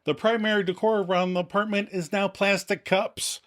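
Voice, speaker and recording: A man's voice: high voice, level tone, fairly quick, fairly bright tone. A man co-hosting a casual podcast, narrating sitcom scenes with wry jokes and putting on the characters' voices. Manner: wry, jokey, acts out characters' lines. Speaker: podcast co-host.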